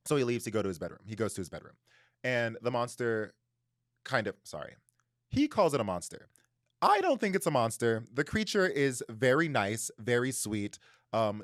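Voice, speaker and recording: A man co-hosting a casual book podcast, a sociologist who talks in a jokey, animated way full of fillers and acted quotes. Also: lowish voice, no room sound, clean studio sound. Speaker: podcast co-host.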